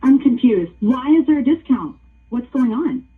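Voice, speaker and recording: A woman's voice: high-pitched, lively intonation, moderate pace, husky. A woman on a phone call, worried and then indignant and threatening. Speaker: prank call target. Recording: tinny phone line.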